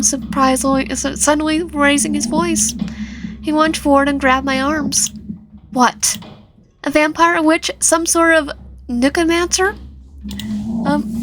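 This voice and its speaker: A woman's voice: high voice, very noisy. A young woman hosting a gaming channel, reading a visual novel aloud dramatically with commentary, often stumbling and restarting words. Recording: faint game music behind.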